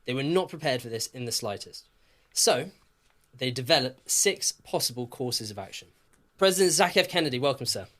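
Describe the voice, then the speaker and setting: A man's voice: mid-range voice, normal speed. Man telling history like a story. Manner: lively, jokey, swears, laughs often. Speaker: podcast co-host.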